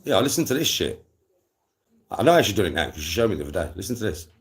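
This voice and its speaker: A man's voice: fairly low pitch, rapid-fire, very noisy. Slangy man ranting on a livestream. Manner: animated, swearing, slangy rants. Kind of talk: casual live-stream chat to viewers.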